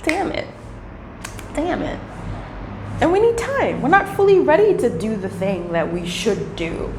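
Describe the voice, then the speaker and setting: A woman giving a casual tarot reading, playful and animated, who swears freely and acts out little voices. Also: on the high side, moderate pace. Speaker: tarot reader. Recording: echoey room with faint hiss.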